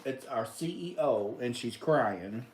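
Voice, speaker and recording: A man's voice: mid-range voice, expressive, takes it slowly. A man with an American accent hosting a casual livestream, reading viewer comments aloud and greeting people by name in an easygoing way. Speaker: livestream host. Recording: echoey room.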